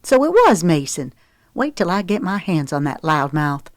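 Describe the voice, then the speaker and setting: A prickly, defensive divorced mother, as a woman narrator puts her on, sharp and quick to bristle. Her delivery is pointed and exasperated, and the recording is dry and close. An audiobook character reading. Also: lowish voice, big pitch swings, no room sound.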